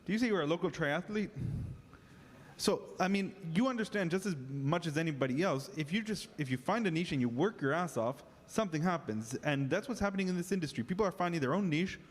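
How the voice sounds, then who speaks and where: A man on a panel gives blunt, encouraging advice at a rapid clip. His voice is a bit high, with long hall reverb behind each phrase. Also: animated. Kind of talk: panel discussion.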